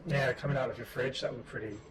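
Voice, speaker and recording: A British-accented man, a teacher and host, chatting slowly and playfully. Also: medium pitch, steady tone. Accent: British English. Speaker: English school teacher and podcast host. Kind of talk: slow, easy casual chat. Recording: noisy room recording.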